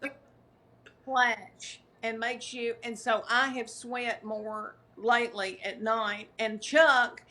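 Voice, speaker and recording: A woman's voice: fairly high pitch, fairly even intonation, slow pace, pushed and bright. A woman, a comedian telling rambling, self-deprecating stories in casual chat over a video call. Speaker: comedian guest.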